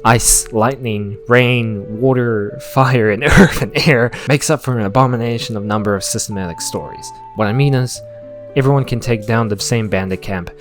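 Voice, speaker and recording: A man's voice: mid-range voice, normal speed, faint music behind. Profane, enthusiastic male video essayist. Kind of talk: scripted video-essay narration.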